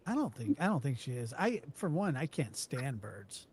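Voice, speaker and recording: A man's voice: medium pitch, very animated, normal speed, darkish tone, slightly rough. Man making blunt joking asides. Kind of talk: casual call-in chat.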